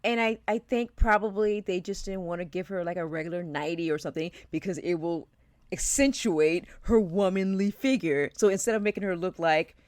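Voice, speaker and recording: A woman guest on a podcast, chatting casually with quick wry asides and frequent laughter. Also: lowish voice, a little mellow, no echo.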